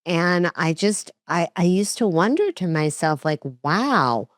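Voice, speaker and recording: A woman's voice: lowish voice, animated, a little slow, no room sound, clean studio sound. A woman hosting an interview, speaking casually and reflectively with frequent fillers. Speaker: host.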